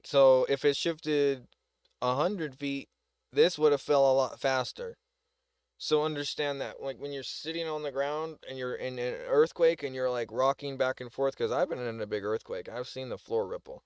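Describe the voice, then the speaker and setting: A man's voice: mid-range voice, fairly even intonation, normal speed, clear, resonant tone, dry recording. A man with a Southern US accent, ranting in a rambling, heated way while reacting to a news video on a live stream. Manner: rambling, heated, lots of "like" and "bro". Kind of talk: casual commentary on a news video.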